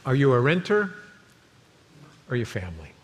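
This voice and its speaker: A man in his sixties preaching a sermon as pastor, telling a story in an animated way and acting out the quotes. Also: medium pitch, normal speed. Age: 60s. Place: church sanctuary. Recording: long hall reverb, faint noise.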